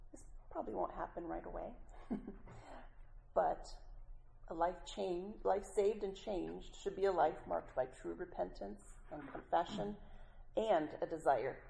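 A woman with a low, heavily gravelly voice leads a women's Bible study, talking to the group as ladies. She chats through her points, laughs between them and fixes her own words mid-sentence, with a faint hum of noise behind her. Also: mellow, low-quality recording. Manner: corrects herself mid-sentence. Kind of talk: Bible study teaching talk.

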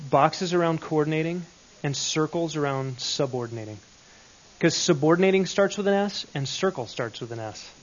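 A man's voice: fairly high pitch, normal speed, dull audio, slight background noise. A man teaching a Bible grammar lesson, explaining step by step and checking in with questions.

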